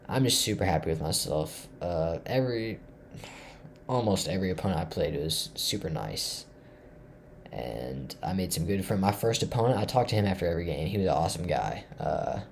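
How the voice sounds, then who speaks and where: A man from Tennessee excitedly walking through his chess game, thinking aloud and swinging between loud bursts and hushed asides. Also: deep voice, vocal fry, slight background noise. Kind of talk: excited game recap to camera.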